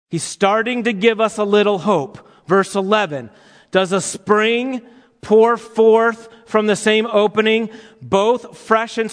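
A man preaching a sermon to his congregation in an animated, playful way, asking them rhetorical questions. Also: high voice. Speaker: pastor. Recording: long hall reverb.

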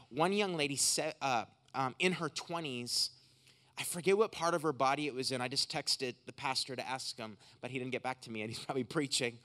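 A man preaching as a guest speaker in a church service. He moves from emphatic, rising preaching into quiet, intense prayer for healing. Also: medium pitch. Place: hotel conference room church.

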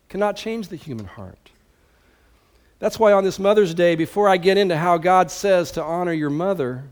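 A pastor delivers a sermon with emphasis and casual asides to his listeners. His voice sits fairly high for a man. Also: a little mellow.

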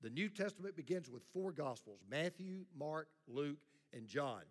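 A man's voice: fairly high pitch, expressive, normal speed. Blunt male pastor preaching in a reverberant sanctuary. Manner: blunt, plain-spoken preaching with congregation call-and-response. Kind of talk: sermon. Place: church sanctuary. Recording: long hall reverb.

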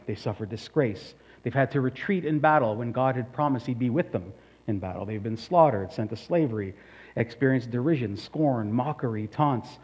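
A man preaches a sermon at a mid pitch, throwing himself into the scripture quotes he voices. The sound is dull and lo-fi, as if from a modest recording. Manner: animated, dramatic voicing of scripture quotes. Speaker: pastor.

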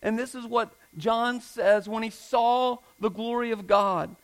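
An earnest male pastor in his thirties with a notably high voice, preaching a sermon. He reads scripture aloud and drives his points home by repeating phrases. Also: fairly even intonation, measured pace, poor audio.

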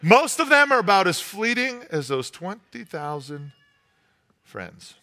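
A man preaching a sermon, telling a comic story as an animated storyteller who drops to a hush for effect. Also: sits high, moderate pace.

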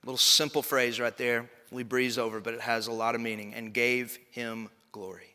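Male pastor in his forties: bright, cutting voice, emphatic preaching, long hall reverb. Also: mid-range voice, level tone, quick pace, smooth. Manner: emphatic, swelling into loud proclamation. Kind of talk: sermon.

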